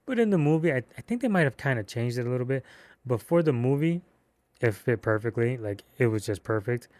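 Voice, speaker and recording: A man giving a casual movie review, excitable and slangy, with cursing and rambling restarts. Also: medium pitch, a little fast, no echo.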